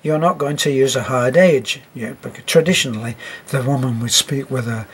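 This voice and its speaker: A man's voice: medium pitch, moderate pace, fairly bright tone, husky. An older man teaching storytelling, speaking reflectively with wry asides. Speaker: narration teacher. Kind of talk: talk on narrating for children.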